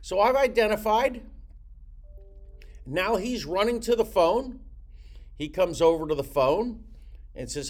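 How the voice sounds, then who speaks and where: A man's voice: sits high, animated, takes it slowly, pauses often, a little mellow. A middle-aged man teaching real estate sales, who acts out phone calls in different voices.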